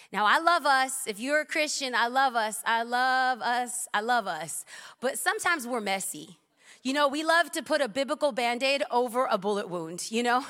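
A woman preaching to a congregation, her high, ringing voice bright and sharp. She delivers the sermon in an animated, punchy way with quick humor. Her words trail off into the long reverb of a big church hall.

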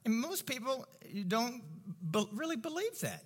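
A male pastor preaching a sermon in a church, emphatic and call-and-response, swinging from low murmurs to loud declarations. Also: sing-song, normal speed, a little hiss or hum.

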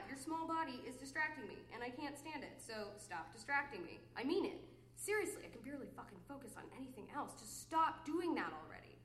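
A woman performing her poem live in a roomy, echoey space, her higher voice leaping up and down in pitch. She repeats herself, coos mock-flirty asides and then grumbles in exasperation. A faint hum sits underneath. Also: sing-song, brisk, a bit bright. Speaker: poet reading her work. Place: reading series venue with an audience.

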